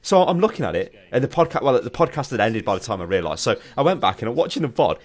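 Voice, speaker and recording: A man's voice: mid-range voice, sing-song, fast. A man hosting a casual chat, telling stories with animation and swearing freely. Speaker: host.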